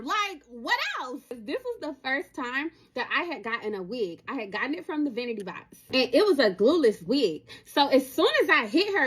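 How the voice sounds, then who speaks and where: A young woman telling a dramatic personal story to her viewers in a casual, animated way. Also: a little high, husky. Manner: animated, talks straight to viewers.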